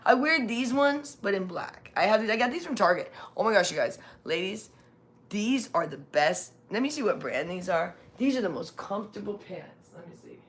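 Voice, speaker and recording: A woman's voice: mid-range voice, animated, normal speed. A woman from California chatting casually on a live stream, rambling with many fillers and restarts. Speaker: livestream host.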